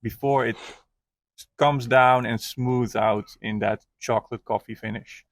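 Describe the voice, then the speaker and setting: A man's voice: mid-range voice, steady tone, a little slow, no room sound. A man, a brewer, explaining barrel aging at length in a casual tasting chat.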